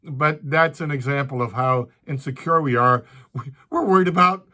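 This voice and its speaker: A man's voice: medium pitch, normal speed, bright, forceful tone. An older male stand-up comedian telling rambling stories from his career with many restarts and asides. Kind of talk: storytelling.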